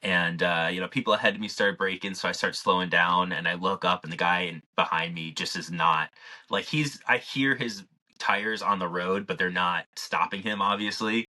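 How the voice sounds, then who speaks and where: A man's voice: low-pitched, moderate pace, sharp tone. A man co-hosting a podcast, telling a story in a loose, rambling way, full of "like" and casual swearing. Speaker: podcast co-host.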